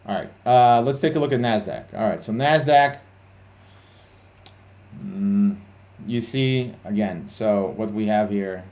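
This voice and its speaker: A man's voice: lowish voice, a little slow, darkish tone. A man hosting a trading livestream, talking bluntly and swearing a lot, with many fillers and restarts. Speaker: CEO and livestream host. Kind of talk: casual livestream talk.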